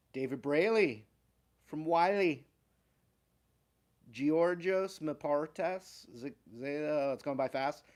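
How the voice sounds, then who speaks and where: A man's voice: a little high, a little mellow. A man hosting a casual livestream, reading out viewer names and chatting at an easygoing pace with small laughs. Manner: slow, easygoing, chuckles between names. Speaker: guitar teacher and livestream host.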